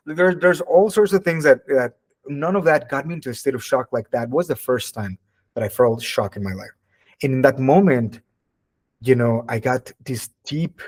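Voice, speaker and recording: A man, a spiritual teacher, telling a personal story in an earnest, emotional and candid way. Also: mid-range voice.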